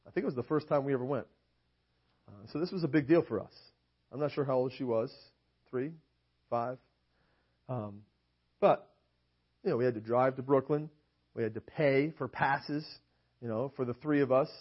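A young to middle-aged man with a medium-pitched, slightly rough voice preaches emphatically at a moderate pace, pausing often. In a church meeting hall, he reads scripture aloud, checks in with the congregation, and keeps asking "right?" rhetorically. The recording is dull and lo-fi.

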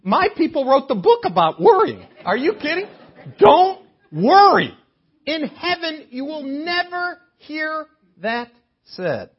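A man's voice: extremely high pitch, big pitch swings, measured pace, lo-fi sound. An older man preaching a sermon in a chapel, joking with the congregation. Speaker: guest preacher. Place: chapel sanctuary.

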